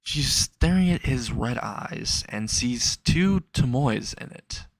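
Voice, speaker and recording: A man's voice: mid-range voice, expressive, takes it slowly, no room sound, poor audio. A man reading a fan fiction story aloud, unscripted, with restarts, and putting some feeling into the characters' quoted lines.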